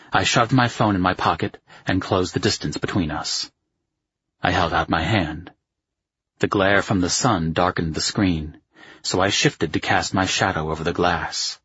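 Slow, husky male audiobook narrator. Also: a bit bright, dry recording, muffled recording. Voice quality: very husky, low. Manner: measured, slow, acts dialogue with raised pitch. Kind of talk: scripted first-person narration.

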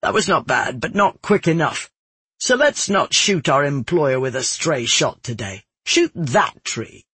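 A man voicing a stern, measured male caravan guard captain who gives terse, carefully worded instructions, with a slightly husky voice. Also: a little high, sing-song, pushed and bright, no room sound, exaggerated voice.

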